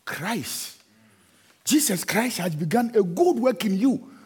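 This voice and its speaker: A middle-aged pastor, not a native English speaker, preaches in a high, husky voice. He swings widely in pitch and often breaks into chanted, sung refrains. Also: very animated, slow, a little mellow. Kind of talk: sermon.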